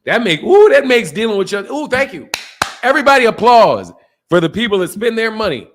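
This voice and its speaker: A man's voice: high-pitched, big pitch swings, a little fast, fairly bright tone, slight background noise. A man hosting a live-streamed boxing talk show, reading super chats and firing back at trolls, often repeating himself. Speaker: boxing channel host.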